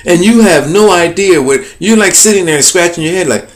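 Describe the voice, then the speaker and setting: A man excitedly pointing out hidden faces in pictures to his viewers, rambling with many fillers and repeats. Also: high voice, moderate pace. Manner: addresses viewers as "people". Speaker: video host. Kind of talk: excited conspiracy commentary over images.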